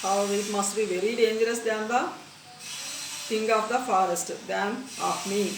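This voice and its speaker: A woman teacher with an Indian English accent, reading a story aloud and stopping to explain words, repeating phrases slowly. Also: mid-range voice, steady tone. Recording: echoey room, distant mic, faint noise.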